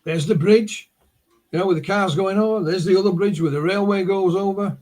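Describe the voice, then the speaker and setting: A man's voice: high voice, a little fast, darkish tone. A man with a northern English accent, a guest on a podcast interview, recounting a case as a story and often restarting his words. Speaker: guest researcher.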